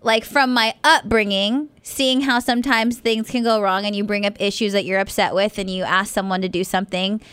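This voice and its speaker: Chatty bright-voiced young woman radio host. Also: mid-range voice, a little fast, few pauses, clear, resonant tone, no echo. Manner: chatty, frequent "like", animated retelling, swears casually. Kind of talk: casual radio show chat. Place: radio studio.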